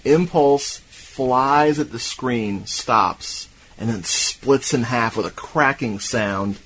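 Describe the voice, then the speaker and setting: A man from Tampa co-hosting a podcast, retelling a film plot in a lively, profane, laughing way. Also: mid-range voice, slow pace, low-quality recording. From Tampa, Florida. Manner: animated, laughing, profane storytelling. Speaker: podcast co-host. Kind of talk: casual movie-recap chat.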